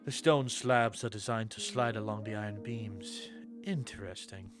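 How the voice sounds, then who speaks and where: A man playing a game demo who reads its narration aloud and breaks off into quick, dramatic reactions. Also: fairly low pitch, music in the background. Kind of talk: let's-play commentary, reading game text aloud.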